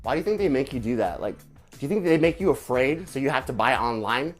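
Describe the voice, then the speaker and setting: A man's voice: medium pitch, expressive, fast talker, soft background music. A man hosting a live stream, ranting with profanity and firing off repeated rhetorical questions. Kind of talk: angry political rant on a live stream.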